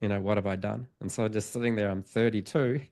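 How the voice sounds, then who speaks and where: Low-voiced man recounting a spiritual experience. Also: fairly even intonation, fast, a little mellow. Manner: earnest, reflective, laughs often. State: emotional, choked up. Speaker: hypnotherapist guest. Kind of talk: conversational storytelling.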